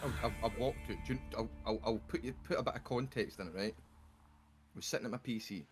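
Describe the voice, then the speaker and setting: A man's voice: on the low side, fairly quick, music in the background. A Scottish man streaming a game, telling a rambling, swear-filled story to friends on a voice call. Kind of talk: casual chat on a voice call. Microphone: desktop mic on a voice chat.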